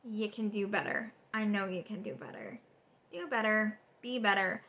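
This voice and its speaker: A woman political vlogger in an unscripted, angry rant, exasperated and swearing, with rapid repetitions and restarts. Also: medium pitch, fairly bright tone.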